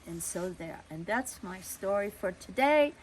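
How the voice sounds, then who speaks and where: A woman's voice: medium pitch, animated, measured pace, slight background noise, low-quality recording. Older woman telling a personal story.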